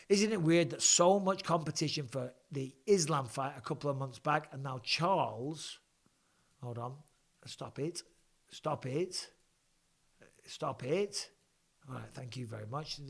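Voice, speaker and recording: A man in his forties chats casually on a live stream, his voice sitting a touch higher than most men's. He is blunt and swears freely, teasing viewers with mock irritation as he reads their comments. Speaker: host of a live show.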